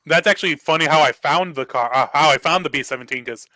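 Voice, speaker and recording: Bright-voiced man telling a story. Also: on the high side, quick pace, dry recording, low-quality recording. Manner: animated storyteller acting out quoted dialogue. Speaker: guest. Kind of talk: casual storytelling on a live talk show.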